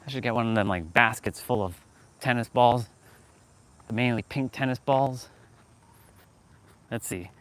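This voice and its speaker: A man chats on a livestream as he strolls outside, speaking from a handheld phone. His voice sits at an ordinary middle pitch, and he rambles from thought to thought, reacting to his viewers as he goes. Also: measured pace, long pauses, a bit bright. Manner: rambling, musing aloud, answering chat. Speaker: fitness livestream host. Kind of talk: casual live-stream chat while walking. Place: outdoors, walking past courts and a pool.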